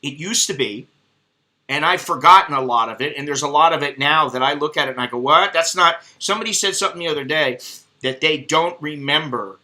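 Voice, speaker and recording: American man, vlogger, casual monologue, profane, slightly high voice. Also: brisk, bright, forceful tone. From United States. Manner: blunt, profane, ranting. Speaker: expat vlogger.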